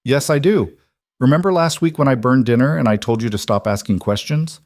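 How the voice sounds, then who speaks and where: A man voicing a gentle, patient father. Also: mid-range voice, a little fast, dry recording, clean studio sound, voice pushed up, lightly acted. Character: patient single father, calm and firm.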